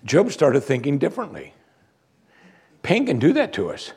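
A man's voice: a little high, wildly swooping pitch, moderate pace, darkish tone, breathy edge. A male pastor preaching a sermon in a church, emphatic and full of rhetorical questions.

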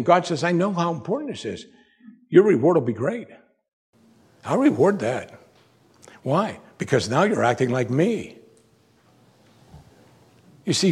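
A man preaching a sermon, moving between quiet, reflective asides and loud, emphatic declarations. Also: on the high side, slightly rough. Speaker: pastor.

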